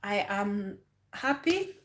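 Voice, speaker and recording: A woman vlogger and former flight attendant, chatting casually on a livestream and telling animated stories in which she mimics passengers. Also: mid-range voice, slow.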